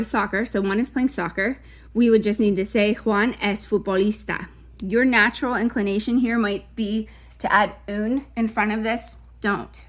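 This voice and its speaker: A woman's voice: medium pitch, a bit bright. A woman Spanish teacher giving a recorded lesson, chatty, correcting herself, with Spanish terms mixed into her English.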